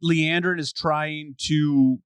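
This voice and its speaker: A man co-hosting a podcast in casual chat, reacting quickly and laughing often. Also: a little high, steady tone, a bit bright, clean tone, no echo. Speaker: podcast co-host.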